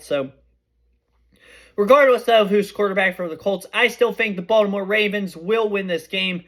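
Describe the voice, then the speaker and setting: A young man hosting a podcast, giving casual sports predictions in a chatty, excitable way and often correcting himself mid-sentence. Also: high voice. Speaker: podcast host.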